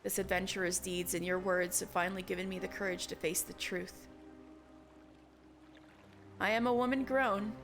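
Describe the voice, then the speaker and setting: A woman voicing a resolute young woman shipwright who speaks formally and earnestly, a little lower than her own voice. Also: fairly bright tone, close to an everyday voice.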